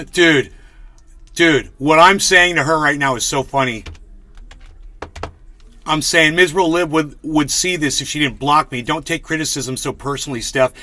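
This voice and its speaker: A man's voice: on the high side, unhurried, bright, forceful tone. A man hosting a livestream, ranting in casual commentary, sarcastic and crude. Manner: sarcastic, profane, mocking. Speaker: livestream host.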